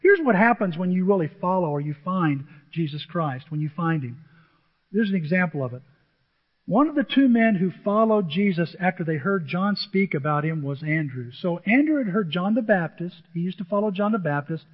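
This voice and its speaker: A man preaching with an animated delivery, often breaking into little acted-out voices. His voice sits high for a man and carries a husky edge. The recording is dull and lo-fi, with a long reverb trailing off the walls. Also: normal speed. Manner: animated, acts out quotes in different voices. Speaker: pastor. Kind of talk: sermon.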